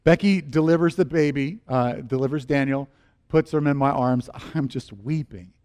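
A middle-aged man preaching a sermon, telling personal stories with animated, acted-out moments and quiet earnest turns. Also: moderate pace. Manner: animated storyteller, acts out scenes with sudden high exclamations. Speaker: pastor.

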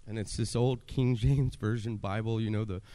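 A man's voice: fairly low pitch, fairly even intonation, moderate pace, warm tone. A man in his forties telling his own life story to an audience as a personal testimony, earnest, acting out his past pleas.

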